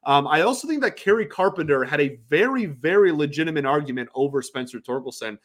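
A man's voice: a little high, expressive, fast, a bit bright. A man hosting a solo sports podcast, talking casually in a rambling, opinionated way and laughing often.

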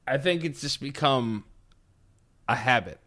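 A man on a podcast with a bright, sharp voice, pushing back on his co-host's jabs. He asks question after question in loose chat and often restarts mid-sentence. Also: medium pitch, animated. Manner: defensive, questioning, halting restarts. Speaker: podcast co-host. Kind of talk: casual chat.

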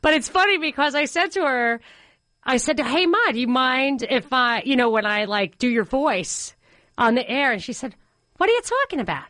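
A woman hosting a talk radio show from a studio, chatty, quick with asides and often laughing. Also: high-pitched, a bit bright, no room sound. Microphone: studio microphone.

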